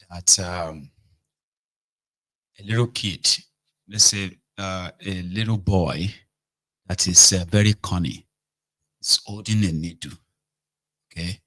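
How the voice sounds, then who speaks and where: A man's voice: deep voice, bright, forceful tone, rough recording. A man giving casual political commentary, talking directly to his viewers and checking in with them often. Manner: conversational, mixes in Pidgin, checks in with "okay? right?".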